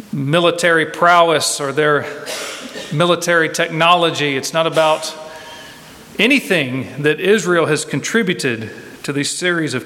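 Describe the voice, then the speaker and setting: Emphatic preacher in a reverberant hall. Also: male voice, a little high, pushed and bright. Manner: emphatic preaching with repeated rising refrains. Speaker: pastor. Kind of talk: sermon.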